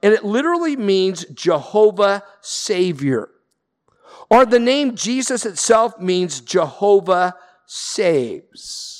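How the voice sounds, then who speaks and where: High-voiced preacher in a reverberant hall. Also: male voice, sing-song, slow. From Southern California. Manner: emphatic preaching with repeated refrains. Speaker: pastor. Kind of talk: sermon.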